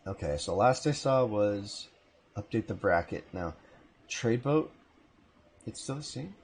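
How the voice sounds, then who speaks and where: A man casting a live strategy game match from home, with a relaxed, chatty manner and casual asides. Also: lowish voice, measured pace, a little hiss or hum. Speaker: esports caster. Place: home room.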